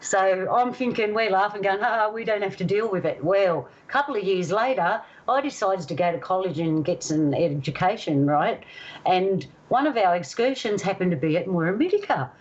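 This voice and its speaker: A woman from Australia tells a story in an easy, conversational way, lively and acting out the voices along the way. Her voice sits in a middle range, and the audio is a little dull and lo-fi, like a call. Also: medium pitch, normal speed. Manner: animated, acts out voices in stories. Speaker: guest storyteller. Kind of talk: casual storytelling.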